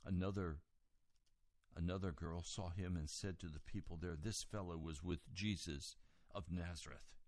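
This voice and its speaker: A man preaching a sermon, retelling a scripture story and moving from quiet reading to loud, raised emphasis. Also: deep voice, fairly even intonation, normal speed, no room sound, studio quality.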